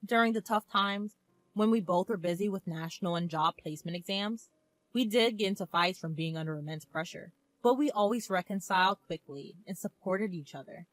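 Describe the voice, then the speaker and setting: A woman in her twenties narrating a first-person story in a calm, reflective manner. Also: mid-range voice, no room sound. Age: 20s.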